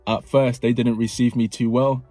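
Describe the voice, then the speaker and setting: Vlogger, man, animated storyteller, dry close sound, soft music underneath. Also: mid-range voice, normal speed, dry recording. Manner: animated storytelling, acting out dialogue. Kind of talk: storytime narration.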